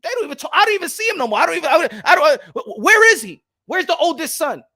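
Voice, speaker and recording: A young man hosting a boxing talk show and ranting loudly, repeating himself, with sudden swings from shouting to low muttering. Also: very animated, racing. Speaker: boxing commentary host. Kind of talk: animated opinion rant.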